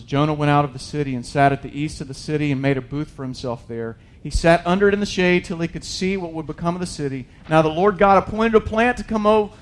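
A man preaching a sermon, reading scripture and paraphrasing it casually, swinging from loud emphatic bursts to hushed asides. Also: high voice.

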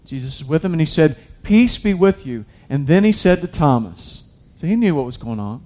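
A man's voice: a little high, very animated, fairly quick, warm tone. A man preaching a sermon in a casual, conversational way, talking to the congregation directly and restarting his sentences often. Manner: conversational preaching, addresses listeners as guys, many restarts. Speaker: pastor.

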